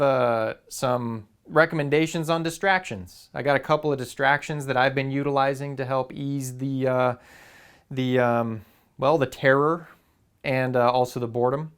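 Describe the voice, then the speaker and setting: A man's voice: medium pitch, a bit bright, clear, resonant tone. A man talking casually to camera in a vlog, rambling and easygoing with plenty of ums and uhs. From Southern California. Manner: rambling, filler-heavy, easygoing. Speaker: photography YouTuber.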